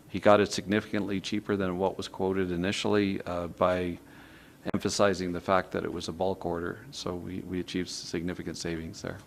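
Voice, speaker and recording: Deep-voiced hesitant man councillor. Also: slight background noise. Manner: hesitant, many fillers. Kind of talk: council meeting report.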